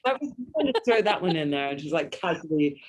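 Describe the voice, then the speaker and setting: Lively London woman guest. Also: deep voice, fast. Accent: London English. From England. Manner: animated, playful, self-deprecating. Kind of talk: casual interview chat.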